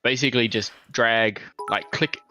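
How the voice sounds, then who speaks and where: A young man explaining game software as game master, patient and a bit hesitant. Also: mid-range voice, steady tone, normal speed. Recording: slightly dull, faint music.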